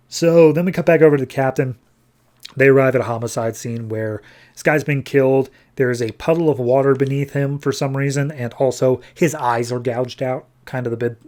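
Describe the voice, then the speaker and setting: A man's voice: mid-range voice, darkish tone. A man hosting a podcast, casually retelling a comic book plot and paraphrasing the characters with lots of "he's like". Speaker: podcast host.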